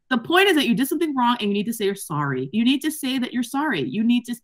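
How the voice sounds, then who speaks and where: A woman co-hosting a book club podcast in casual chat, animated and profane, acting out quotes and laughing often. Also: high voice, racing, hardly any pauses. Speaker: podcast co-host.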